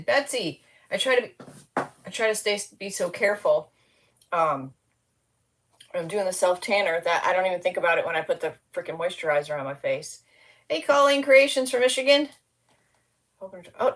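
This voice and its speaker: A woman with a somewhat low voice hosts a relaxed live stream. She sounds tired and slap-happy and rambles from one thought to the next. She keeps greeting viewers by name. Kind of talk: casual live stream chat.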